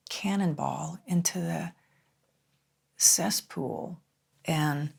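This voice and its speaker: A woman in her sixties, a singer-songwriter guest, telling stories in a relaxed, reflective dinner conversation. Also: deep voice, gravelly, husky. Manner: reflective storytelling, lively and animated.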